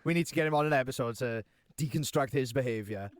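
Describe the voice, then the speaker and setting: A man, a podcast co-host, dropping quick teasing jokes into casual chat. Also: mid-range voice. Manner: teasing, quick jokey interjections.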